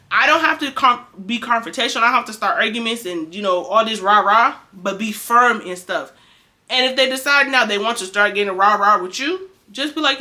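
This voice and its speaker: A woman's voice: a little high, pushed and bright. A young woman vlogging advice in a casual monologue, firm and emphatic, often repeating her points.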